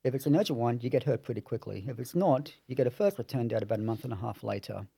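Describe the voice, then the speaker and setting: A man working as a family lawyer, explaining court procedure in a measured, lawyerly way on a podcast. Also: medium pitch, creaky, mellow, breathy edge, dry recording.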